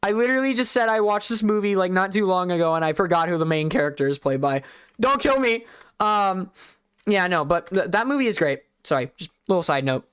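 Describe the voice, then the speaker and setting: A streamer with a light Southern US lilt chats loosely through live commentary, rambling and poking fun at themselves. The voice is smooth and resonant. The sound is close and dry. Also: medium pitch, quick pace, no room sound. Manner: chatty, rambling, self-deprecating.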